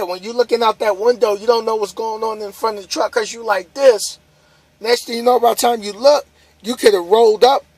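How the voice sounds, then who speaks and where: Trucker man, high voice, tired, preachy motivational talk, dry close sound. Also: no room sound. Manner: casual, repetitive, preachy, building up emphasis. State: tired, yawning. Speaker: trucker vlogger. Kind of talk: motivational monologue to camera.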